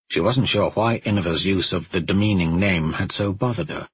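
A man reading a fantasy novel aloud in a measured storytelling manner. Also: deep voice, breathy edge, dry recording, poor audio. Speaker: audiobook narrator. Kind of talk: scripted narration.

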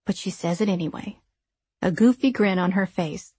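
Husky woman reading a first-person story. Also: medium pitch, moderate pace, darkish tone, dry recording. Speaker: audiobook narrator. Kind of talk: first-person audiobook narration.

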